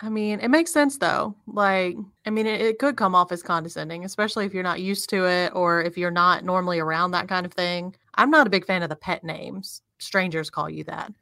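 An easygoing woman co-host chats casually, agreeing warmly with her partner. Her voice is bright and forceful, and it is recorded close and dry with no room sound. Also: lowish voice, a little fast, few pauses, no echo. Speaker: podcast co-host. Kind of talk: casual chat.

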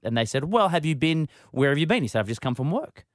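A man's voice: on the high side, very animated, fast talker, no echo, clean studio sound. A male radio co-host, telling jokey stories in casual chat and acting out the voices of the people in them. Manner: storytelling, acts out quoted voices, jokey.

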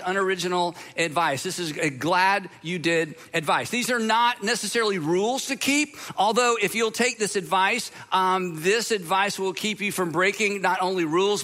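Male pastor, conversational sermon delivery, bright and high-pitched. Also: brisk, hardly any pauses. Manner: conversational, with fillers.

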